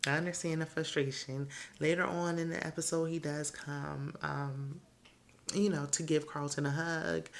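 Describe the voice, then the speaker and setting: A woman's voice: low voice, vocal fry. A woman hosting a casual TV episode recap, chatty and opinionated, with laughing asides. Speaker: TV recap host.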